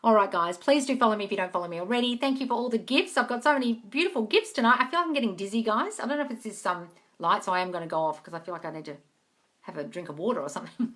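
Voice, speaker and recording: A woman's voice: medium pitch, lively intonation, rapid-fire, fairly bright tone. A woman hosting a casual live question-and-answer stream from Australia, reading out viewer comments, chatting and swearing casually and calling listeners darling.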